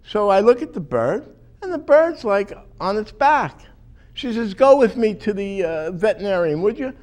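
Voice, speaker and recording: A man doing a stand-up comedy routine, telling chatty stories with deadpan punchlines. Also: high-pitched, moderate pace.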